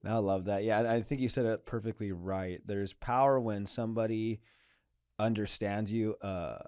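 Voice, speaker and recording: Low-voiced podcast host, close and dry. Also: male voice, steady tone, moderate pace, clear, resonant tone, dry recording. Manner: warm affirming listener, many "mm-hmm"s and "like"s. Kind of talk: casual interview chat.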